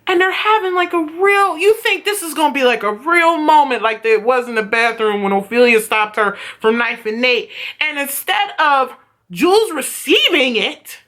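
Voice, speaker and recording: A woman vlogger casually recapping a TV episode, telling it in an excitable, profane way. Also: high voice, normal speed.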